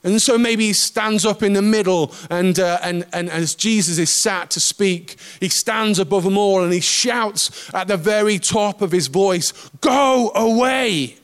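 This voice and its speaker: High-voiced male preacher. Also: measured pace, few pauses, clear, resonant tone. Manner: conversational, lively with asides and humor. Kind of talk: sermon.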